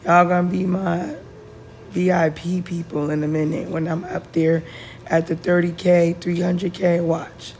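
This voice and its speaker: A woman with a hoarse, deep, raspy voice, chatting casually through a cooking voice-over while she is losing her voice. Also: little pitch movement, a little slow, darkish tone, faint music behind. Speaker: cooking vlogger. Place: home kitchen, voice-over.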